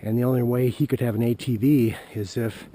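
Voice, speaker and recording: A man telling a hunting story as he walks a forest trail at dusk, recorded on a handheld camera, halting and folksy with lots of fillers. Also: medium pitch, fairly even intonation, warm tone, a little hiss or hum, low-quality recording. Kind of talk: rambling walk-and-talk vlog. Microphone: handheld camera while walking.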